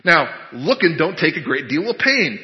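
A man voicing a plain-spoken country lay preacher who urges his hearers insistently, his voice rising toward a shout, in an echoey hall with a dull, lo-fi sound. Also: a little high, big pitch swings, moderate pace. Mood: urgent pleading. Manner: emphatic, repetitive, rising to shouting.

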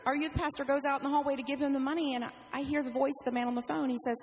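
A middle-aged woman pastor preaching a sermon, telling a personal story in an animated way. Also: high-pitched, rapid-fire, few pauses, long reverb tail, slight background noise.

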